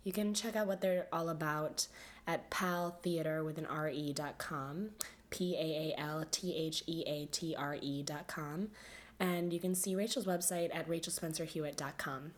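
A woman's voice: deep voice, steady tone, moderate pace. Sick-sounding woman podcast host. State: under the weather, sick voice. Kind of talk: podcast interview. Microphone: video call.

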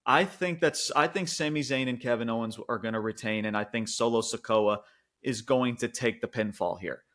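A man in a mid-pitched voice talks through a review in loose, casual chat, his speech lively and full of restarts as he builds up his take. He sounds like a podcast co-host riffing on what he watched. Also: moderate pace. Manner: animated, rambling retelling with frequent restarts.

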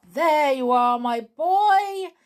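A brisk, commanding toy soldier captain, hearty and loud, as a woman puts him on. His voice bounds up and down, like in a bedtime storybook. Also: high voice, expressive, voice pushed up, exaggerated voice.

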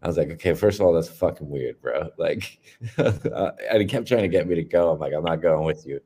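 A man's voice: sits low, expressive, fairly quick, dark tone, breathy edge. A man co-hosting a casual podcast chat, telling funny stories in a laid-back, joking way. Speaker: podcast co-host.

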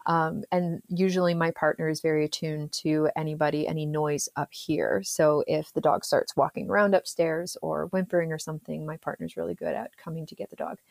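A woman in her thirties talks through her work life in a relaxed, rambling way, full of "um"s and little laughs. Her voice sits a bit low, and the recording is close and dry, with no room sound. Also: brisk, creaky, few pauses, no echo. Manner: chatty, laughs often, many fillers. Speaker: therapist, podcast guest. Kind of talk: casual interview chat.

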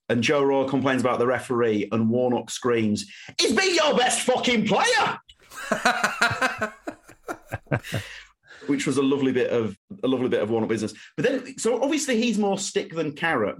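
A man's voice: mid-range voice, fast talker. A man on a podcast retelling funny anecdotes with obvious relish. His intonation rises and falls a great deal as he tells them. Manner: animated storyteller, relishing anecdotes. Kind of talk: casual chat.

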